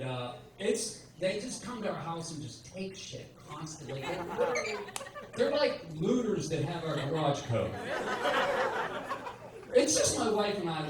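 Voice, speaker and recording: A man in his sixties doing a stand-up set, ranting in a profane, exasperated way. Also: on the high side. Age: 60s. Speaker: stand-up comedian. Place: comedy club stage. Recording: echoey club from a distance, loud noise.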